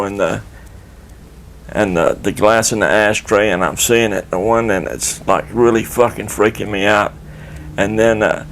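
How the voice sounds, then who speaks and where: A man's voice: on the low side, slight background noise. An older man telling a rambling, profane story in a laid-back, casual way.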